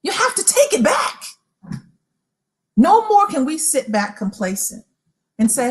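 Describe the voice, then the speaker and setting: A woman's voice: high-pitched, very animated, unhurried, long pauses. A woman giving a preaching-style motivational talk, emphatic and repeating phrases as she addresses listeners directly. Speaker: motivational speaker.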